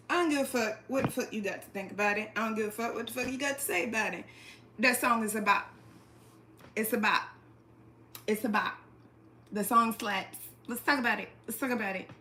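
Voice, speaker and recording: A woman hosting a casual livestream from her apartment, talking straight into a phone or webcam, blunt and profane, laughing quickly and reading the chat aloud. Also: fairly high pitch, sharp tone. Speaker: livestream host. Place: indoors at home, an apartment.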